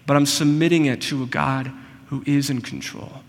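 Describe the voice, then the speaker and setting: A man's voice: a little high, steady tone. Earnest male preacher in a reverberant hall. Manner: earnest, personal, slows for emphasis. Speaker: pastor. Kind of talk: sermon.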